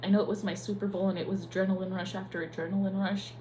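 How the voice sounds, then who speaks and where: Young woman nurse, raw confessional vlog delivery with frequent swearing, mid-pitched voice, faint hum underneath. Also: little pitch movement, racing, darkish tone, low-quality recording. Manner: candid and profane, emotional.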